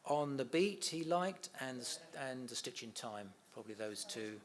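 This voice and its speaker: A man's voice: mid-range voice, animated, normal speed. Chatty middle-aged man telling anecdotes. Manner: chatty storyteller, laughs often, acts out quotes. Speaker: interviewee, son of a comedian. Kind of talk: anecdotal interview chat.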